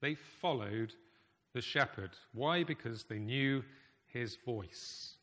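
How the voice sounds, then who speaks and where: A man preaching a sermon in a conversational, emphatic way, with pauses. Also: mid-range voice, a bit bright. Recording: echoey hall reverb.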